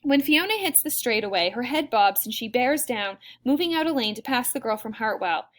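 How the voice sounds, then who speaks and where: A woman reading a first-person audiobook with expressive delivery. Her voice is fairly high and very lively in its pitch, rising and falling with the story. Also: normal speed. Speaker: audiobook narrator.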